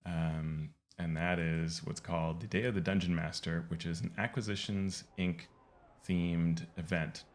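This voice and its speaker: A man giving casual, rambling commentary over gameplay as he explains game lore, pausing often to restart his sentences. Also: low-pitched, fairly even intonation. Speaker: game lore video host.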